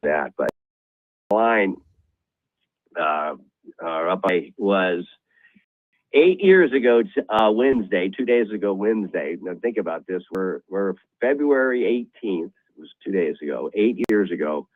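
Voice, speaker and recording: A man's voice: low-pitched, lively intonation, no echo. Rambling man on a tinny phone line. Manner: rambling, halting, many restarts. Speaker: racing office guest. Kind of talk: storytelling on a radio call-in.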